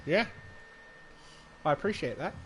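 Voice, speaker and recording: A man's voice: a little high, animated, measured pace, a little hiss or hum. A man co-commentating a sim race in a laid-back, teasing style, chatting with the host. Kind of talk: casual live race commentary.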